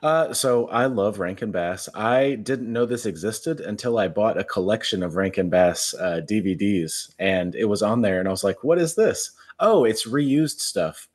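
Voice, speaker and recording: A lower-pitched man with a husky voice chats as a podcast guest. He is laid-back, laughs easily and fills his pauses with "uh." The tone is relaxed conversation. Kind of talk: casual chat.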